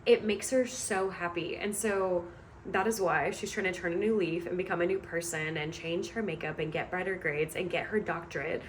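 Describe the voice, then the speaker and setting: A woman's voice: on the low side, steady tone, normal speed, a little hiss or hum. A woman book vlogger retelling a story she is reading, in a chatty, amused way with many hedging asides.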